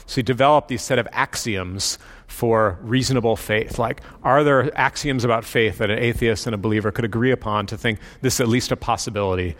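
Male pastor, sermon storytelling, casual delivery, mid-pitched voice. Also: a little fast. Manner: conversational, relaxed storyteller with fillers.

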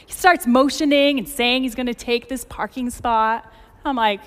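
A woman's voice: a little high, moderate pace, clear, resonant tone. Woman preaching in a reverberant hall. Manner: storytelling with lively emphasis. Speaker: pastor. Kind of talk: sermon.

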